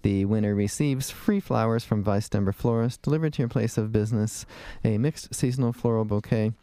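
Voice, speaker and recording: A man's voice: on the low side, a little fast, mellow, clean tone, dry recording. A man hosting a radio talk show as a dentist, chatting in a rambling way with fillers and restarts from a studio.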